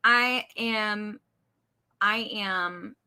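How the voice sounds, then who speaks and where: A woman's voice: mid-range voice, drawn-out words, sharp tone, clean tone. A woman co-hosting a casual livestream, giggly, reading out viewer comments as she goes. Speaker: co-host of a book channel livestream.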